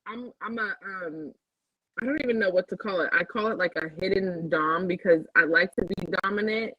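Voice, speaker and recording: A woman's voice: medium pitch, moderate pace, muffled recording. A young adult woman chatting casually on a talk show, hesitant, with lots of likes and ums. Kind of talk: casual chat.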